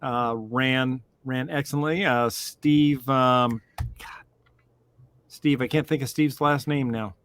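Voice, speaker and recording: A man's voice: medium pitch, fairly even intonation, slow, fairly bright tone, smooth, dry recording. A man hosting a podcast, steering a casual chat with questions. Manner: friendly, steers the talk with questions. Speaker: podcast host.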